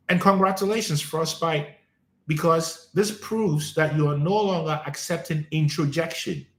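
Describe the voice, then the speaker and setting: A man with a somewhat high voice coaches listeners on a live stream. He talks emphatically, hammers his key points by repeating them, and stumbles over his restarts. The sound has a roomy echo. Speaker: life coach hosting a live call-in stream.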